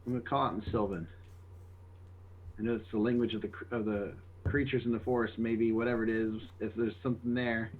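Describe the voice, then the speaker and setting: A man's voice: fairly low pitch, steady tone, brisk. A man playing in a tabletop game session, playful and eager, joking with the table. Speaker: player. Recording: tinny phone-like call audio.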